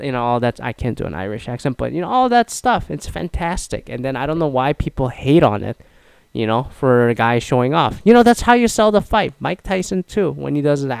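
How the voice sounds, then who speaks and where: A man's voice: mid-range voice, brisk, creaky, clean tone, dry recording. A man talking casually in an opinion monologue, rambling with many fillers and restarts. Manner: rambling, lots of "you know" fillers and restarts; animated when quoting others.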